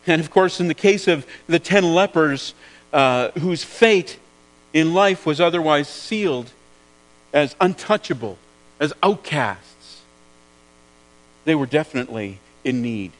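High-voiced man preaching a sermon. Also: animated, unhurried, pauses often, low-quality recording. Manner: earnest, repeats words while searching for phrasing.

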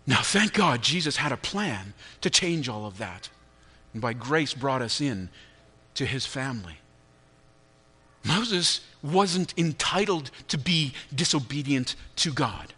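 A husky-voiced, middle-aged male pastor delivers a sermon in a high, bright voice that rises and falls constantly. He dramatizes his own annoyances with lively flair before settling into a quiet, earnest tone.

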